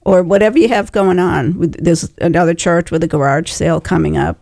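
A man's voice: a little high, steady tone, a little fast, creaky, a little mellow, dry recording. A man co-hosting a radio show, explaining station services plainly with some fillers. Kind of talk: casual radio chat.

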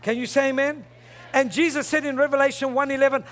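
A male pastor preaching a fervent sermon, often rising into shouts. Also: very high-pitched, steady tone, fast talker.

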